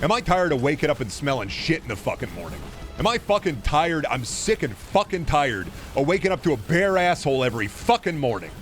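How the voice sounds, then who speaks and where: A male streamer in a heated, profanity-laden rant, his voice slightly high and swinging widely up and down. He sounds exasperated and worn out. Faint music plays behind him. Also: sing-song, fairly quick. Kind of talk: angry live-stream rant.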